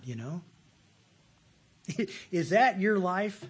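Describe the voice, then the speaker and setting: A man preaching a sermon, folksy and animated, with repeated words and frequent chuckles. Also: high voice, a little slow, long pauses, breathy edge.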